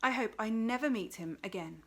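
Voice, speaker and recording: A woman's voice: fairly high pitch, lively intonation, fairly quick, fairly bright tone. A woman voicing a young boy who frets and complains. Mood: worried.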